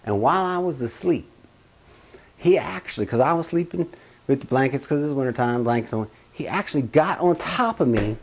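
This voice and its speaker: A man's voice: mid-range voice, brisk, a little hiss or hum. A man telling a personal family story in a casual, rambling way, acting out the quotes as he goes. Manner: animated, rambling, acts out quotes.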